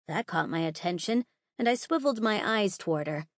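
A woman's voice: on the low side, lively intonation, normal speed, no echo. A young adult woman reading first-person narration in a wry, sardonic tone on a close studio mic. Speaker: audiobook narrator.

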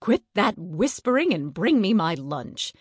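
A woman voicing a sharp-tongued, sickly old great-aunt who scolds and bosses the children in a storybook reading. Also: mid-range voice, very animated, unhurried, slightly rough, no echo, studio quality. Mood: scolding. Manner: scolding, bossy.

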